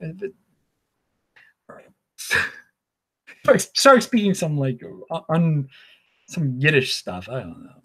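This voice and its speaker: A man hosts his own talk show alone. He rambles and stammers, doubling his words and chuckling between thoughts. His voice rises and falls in a lively, animated way. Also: on the high side, slow, pauses often, breathy edge. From Baltimore, USA. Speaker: show host. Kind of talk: casual solo commentary.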